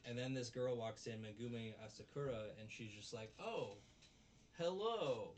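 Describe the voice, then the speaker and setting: A man's voice: little pitch movement, a little mellow. Man recapping scenes, off-mic. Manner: retells scenes, putting on quick high voices for each character. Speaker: podcast co-host reviewing an anime. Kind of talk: casual chat. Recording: distant mic with faint background noise.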